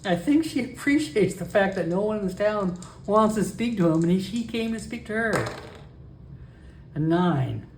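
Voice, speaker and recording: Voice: mid-range voice, expressive, moderate pace, a little mellow, reverberant, a little hiss or hum. A solo tabletop role-player narrating casually and thinking aloud about dice rolls.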